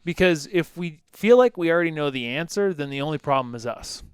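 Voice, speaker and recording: A man co-hosting a casual fitness podcast as a coach, talking animatedly and acting out quotes in lively voices. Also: fairly high pitch, brisk, clean tone, no echo, studio quality.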